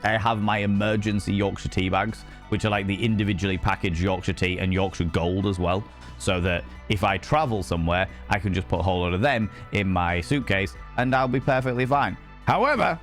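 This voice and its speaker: Playful man streaming, cheeky. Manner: playful, greets viewers with cheeky pet names; swoops up high for mock grandeur. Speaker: livestreamer. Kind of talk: casual live-stream chat. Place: home streaming room.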